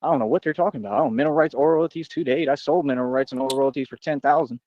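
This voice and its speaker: Fast-talking man ranting on a stream. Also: medium pitch, no room sound, highs cut off. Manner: boastful, confrontational, rambling. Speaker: livestreamer. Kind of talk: ranting monologue on a livestream.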